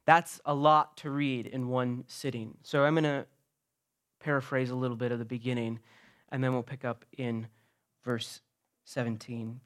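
An earnest male preacher delivering a sermon in a slightly higher-pitched voice. He tells the story with feeling, rising louder for emphasis and then dropping almost to a hush, and slows right down on key phrases. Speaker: pastor.

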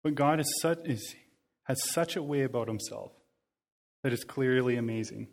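A man in his thirties preaches a sermon in an earnest, conversational tone. His voice sits at an ordinary middle pitch, and he likes to say a phrase several times over to drive his point home. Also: moderate pace, gravelly.

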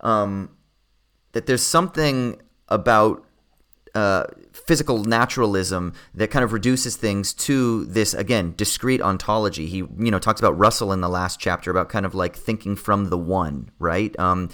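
Man co-host, lowish voice, casual thoughtful philosophy chat, halting. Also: a bit bright. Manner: thoughtful, searching for words, frequent fillers. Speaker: podcast co-host.

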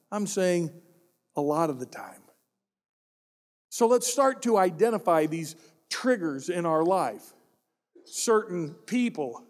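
A male pastor delivering a sermon, emphatic and direct, repeating his main points and asking the congregation rhetorical questions. His voice sits high for a man, and a long reverb trails each phrase through the church. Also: a little mellow. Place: church sanctuary.

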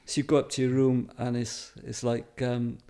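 A middle-aged Welsh man talks at an easy, storytelling pace. He fills his sentences with ums and little laughs and sounds relaxed and conversational. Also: medium pitch, normal speed. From Wales. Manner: chatty, anecdotal, laughs often, many fillers. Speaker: photographer guest. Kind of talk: casual interview chat.

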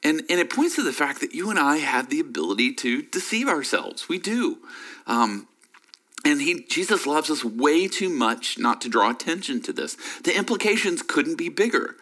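A man's voice: a little high, big pitch swings, normal speed, bright, forceful tone. A middle-aged man preaching a sermon in a conversational way, often checking in with "right?". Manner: conversational, full of "you know" and "right?". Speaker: pastor.

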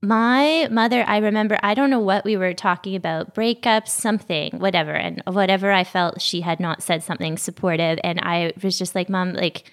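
Woman podcast host telling animated stories. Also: mid-range voice, moderate pace, hardly any pauses, clear, resonant tone. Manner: animated storytelling, acts out quotes. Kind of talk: casual podcast chat.

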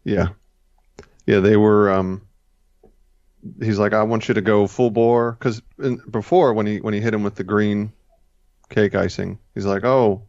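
A man with a low, gravelly voice talks casually, rambling and correcting himself while he retells scenes. The recording is dull and lo-fi, with a dry sound. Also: steady tone, measured pace, pauses often, darkish tone, no echo. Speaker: podcast co-host. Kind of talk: casual chat.

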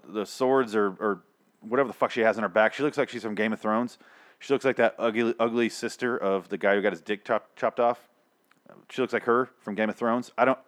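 A young man podcaster ranting in a casual, profane recap, rambling with many restarts. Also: fairly low pitch.

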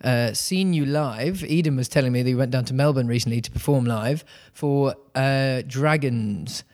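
A man's voice: mid-range voice, darkish tone. Enthusiastic male podcast host. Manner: enthusiastic, heaps praise, quick reactions. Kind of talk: casual interview chat.

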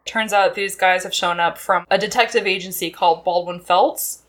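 A woman co-hosting a podcast, recapping a film in casual chat and acting out lines in quick voices. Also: fairly low pitch, fairly even intonation, fairly bright tone. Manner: chatty, laughs often, acts out quotes in voices.

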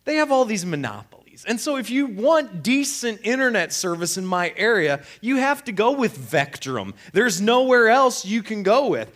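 A man with a somewhat high voice recounts a story in a lively, swooping delivery. He sounds exasperated and sarcastic as he talks. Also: moderate pace, few pauses. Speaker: speaker telling a personal story. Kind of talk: conversational storytelling.

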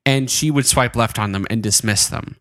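A man's voice: medium pitch, moderate pace, fairly bright tone, dry recording, clean studio sound. A man co-hosting a comedy podcast, chatting casually in a playful, loose way. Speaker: podcast co-host.

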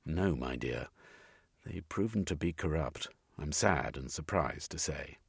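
A man voicing a nervous, genteel gentleman who speaks in a polite, formal and slightly hesitant way. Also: extremely low pitch, expressive, unhurried, gravelly, husky, no room sound, clean studio sound, exaggerated voice.

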